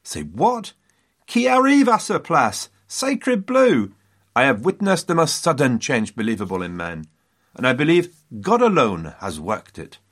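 A man voicing an excitable, incredulous male French ambassador in a comic mock French accent. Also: mid-range voice, moderate pace.

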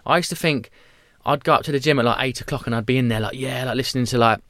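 Clean studio sound with no room noise captures this mid-range male voice. He's in his thirties, a podcast guest talking openly and quickly, bringing his stories to life with playful character voices.

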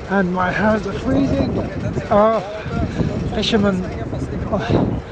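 Casting: high-voiced man, nervous rambling voicemail, loud street noise behind. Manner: hesitant, stammering, full of ums. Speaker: caller leaving voicemails. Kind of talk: improvised comedy voicemail.

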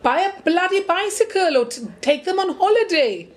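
A woman's voice: very high voice, lively intonation, moderate pace. A woman, co-hosting a casual chat, insistent and questioning, mixing English and Spanish. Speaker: co-host.

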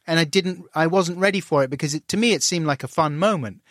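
Middle-aged guest, candid and wry, lively when he quotes people, recorded dry. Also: on the high side, fast, no room sound. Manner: self-deprecating, animated when acting out dialogue. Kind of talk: candid conversational storytelling.

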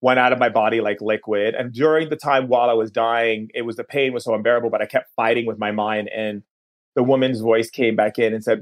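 A man, a podcast guest, telling a long personal story in an earnest way, slowing down at key moments and restarting phrases. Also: mid-range voice, steady tone.

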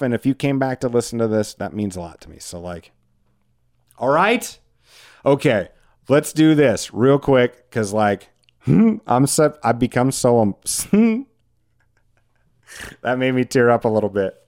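A man's voice: lowish voice, a little mellow. A man in his forties hosting a podcast, talking in a rambling, candid, self-deprecating way with lots of filler words. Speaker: podcast host. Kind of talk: casual monologue.

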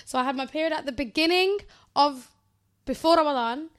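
A woman, co-hosting a podcast and telling an animated story, laughing often. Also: high voice, fairly quick. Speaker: podcast co-host. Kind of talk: casual chat.

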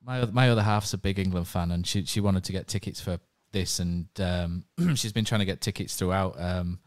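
A man's voice: sits low, brisk, no echo. A man hosting a casual podcast, chatting in a rambling way and telling stories. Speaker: podcast host.

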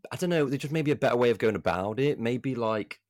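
A man's voice: mid-range voice, expressive, quick pace, darkish tone, dry recording, studio quality. A British man in casual podcast chat, blunt and rambling, swearing freely and mimicking other people's voices. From United Kingdom.

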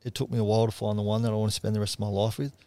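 A man's voice: lowish voice, flat delivery, rapid-fire, dark tone, no room sound. A man, a guest on a podcast, talking in a casual, earnest and plain-spoken way. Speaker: podcast guest, charity co-founder. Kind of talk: casual chat.

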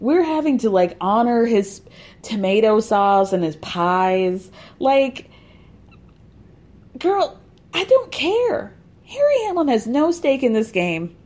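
A woman casually recapping a TV reunion, sarcastic, with frequent laughs and animated asides. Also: on the high side, a little slow. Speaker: podcast host recapping a TV reunion.

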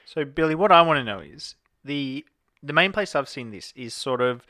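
Bright teasing man. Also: medium pitch, normal speed, no echo. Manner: dry, teasing, deadpan. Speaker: podcast co-host. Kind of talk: casual chat.

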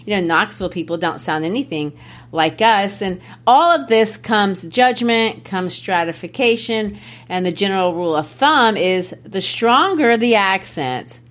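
A woman's voice: medium pitch, lively intonation, unhurried, a bit bright. A woman with a Memphis, Tennessee accent, co-hosting a literary discussion in an explanatory, lecture-like way. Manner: explanatory, lecture-like, quotes texts. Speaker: podcast co-host.

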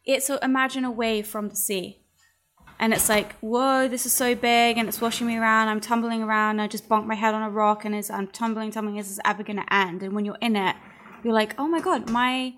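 A woman's voice: medium pitch, little pitch movement, a little fast, fairly bright tone, slight background noise. A woman talking candidly in a casual chat, emotional and rambling, swearing freely as she opens up.

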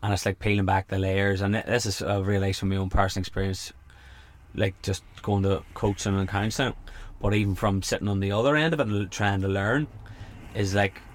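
A man hosting a podcast from a camper van, chatting in a relaxed way and swearing casually. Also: on the low side, fairly quick. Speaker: podcast host. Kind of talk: casual conversation.

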